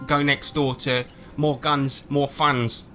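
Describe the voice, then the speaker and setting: Cheeky matey shop clerk, put on by a man, bright delivery. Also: medium pitch, flat delivery, takes it slowly, faint music behind. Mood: pushy salesman. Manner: cheeky matey sales patter. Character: chatty male drone shop clerk, pushy salesman.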